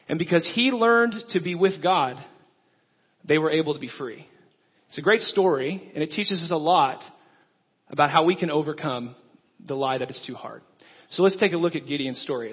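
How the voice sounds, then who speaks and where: A man's voice: a little high, husky. A man preaching a sermon, retelling a story and pushing his voice up sharply when he voices anxious questions. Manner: storytelling preacher, animated rises on quoted questions. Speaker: pastor. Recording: dull sound with long hall reverb.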